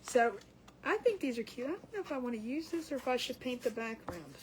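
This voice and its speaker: A woman's voice: on the high side, animated, a little fast, heavy background noise. A woman hosting a casual craft livestream, chatty and giggly, rambling with restarts as she works.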